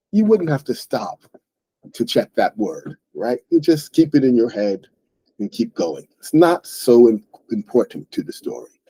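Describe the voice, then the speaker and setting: A man hosting an English book club, explaining words slowly and plainly to learners and often checking in with "right?". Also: medium pitch, warm tone, slightly rough, no room sound.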